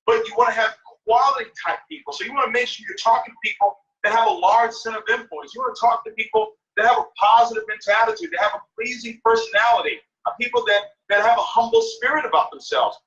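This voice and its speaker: Over a phone or conference call that sounds dull, echoey, and far from the mic, a male network marketing mentor coaches in an extremely high, fairly bright voice. He talks fast with few pauses and lively intonation, repeating himself emphatically and often checking in with "right?".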